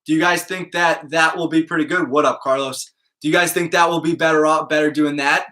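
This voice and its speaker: Male math teacher, upbeat and casual, slightly high bright voice, keeps checking in with students. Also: steady tone, a little fast. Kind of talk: live online class talk to students.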